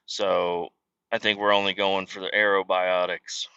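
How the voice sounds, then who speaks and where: A man's voice: sits low, little pitch movement, measured pace, vocal fry, bright, forceful tone, clear, resonant tone, dry recording, highs cut off. A man hosting a casual podcast, rambling through family stories in a profane, self-deprecating way while on the road. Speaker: podcast host. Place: car.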